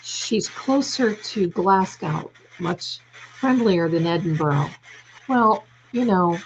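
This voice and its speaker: A woman from the United States hosts a relaxed live stream from home, reading comments and calling viewers darling in an affectionate way. Her lowish voice has lively intonation but takes things slowly, and the muffled recording has slight background noise.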